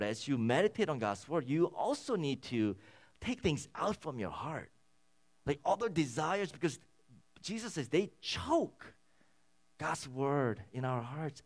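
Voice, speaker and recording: A man preaching a sermon, earnest, with frequent restarts, swinging between loud emphatic peaks and soft low passages. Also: sing-song, unhurried. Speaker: pastor.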